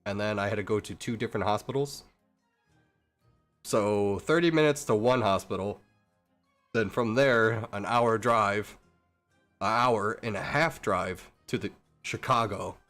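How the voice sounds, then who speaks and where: A man's voice: on the low side, measured pace, pauses often, a bit bright, faint music behind. A man streaming a game, talking casually in a rambling, profane way with many restarts. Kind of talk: casual rambling chat while gaming.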